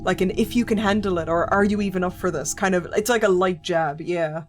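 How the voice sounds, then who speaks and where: Woman streamer ranting about a game, lots of swearing, game music playing loud behind. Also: lowish voice, fairly even intonation, a little fast. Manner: profane, sarcastic griping. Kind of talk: let's play commentary.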